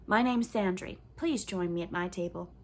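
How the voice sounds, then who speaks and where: A spirited young noble girl speaks up with firm pride and a teasing streak, voiced by a woman reading aloud. The storybook voice stays close to the reader's own, just a touch brighter and higher. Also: moderate pace. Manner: firm, proud, playful.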